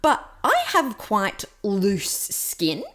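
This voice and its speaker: A woman's voice: mid-range voice, very animated, extremely slow, a bit bright. A woman co-hosting a podcast in casual chat, playful and self-mocking and laughing often. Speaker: podcast co-host.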